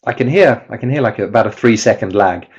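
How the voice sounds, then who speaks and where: A man's voice: fairly low pitch, lively intonation, fast talker, husky. A man presenting a webinar lecture on teaching pronunciation, hesitant with many fillers and restarts, heard over a video call. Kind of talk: lecture-style webinar talk. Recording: slightly dull webinar audio.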